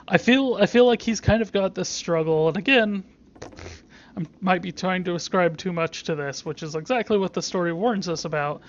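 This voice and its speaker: A man's voice: sits high, muffled recording. A man giving casual let's-play commentary, rambling and thinking aloud with many restarts.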